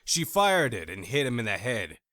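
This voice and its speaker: A man narrating a first-person audiobook in an expressive, animated reading style on a close studio mic. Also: medium pitch, normal speed, dry recording.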